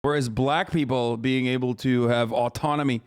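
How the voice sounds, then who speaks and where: A man streaming a reaction, talking casually with incredulous, animated commentary. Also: mid-range voice, normal speed, clear, resonant tone.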